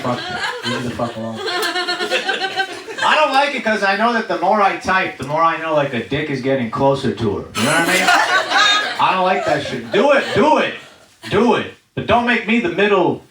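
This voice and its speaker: A man's voice: a little high, a little fast. Male stand-up from Uzbekistan, bouncy delivery, crude asides, echoey distant live-venue sound. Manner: crude, animated storytelling with many asides. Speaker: stand-up comedian. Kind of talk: stand-up comedy set. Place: comedy stage before a live audience. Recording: echoey venue from far off, loud noise.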